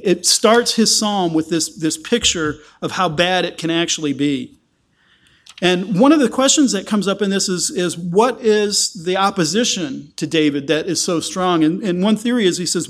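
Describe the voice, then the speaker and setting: A man's voice: high voice, expressive, moderate pace. A man preaching an earnest sermon, often repeating words as he explains scripture. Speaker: pastor.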